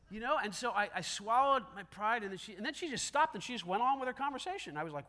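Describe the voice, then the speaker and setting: A man's voice: high-pitched, sing-song, quick pace, few pauses, bright, forceful tone. A man preaching a sermon as pastor, in a conversational style that acts out quoted dialogue with self-deprecating humor.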